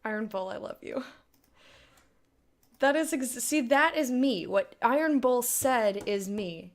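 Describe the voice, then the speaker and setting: A woman with a slightly high voice chats through a game playthrough. Her commentary is casual and openly emotional, full of quick reactions. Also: animated. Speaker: let's play host.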